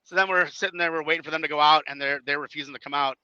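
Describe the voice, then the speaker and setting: A man telling animated stories in a casual podcast chat, acting out quotes and laughing often. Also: a little high, racing, smooth, no echo, dull audio. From Chicago area. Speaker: guest wrestler.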